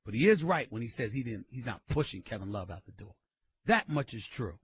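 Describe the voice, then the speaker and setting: A man hosting a sports radio show, ranting loudly and emphatically with frequent bursts of shouting into a studio mic. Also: mid-range voice, big pitch swings, brisk, husky. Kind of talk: opinionated sports radio talk.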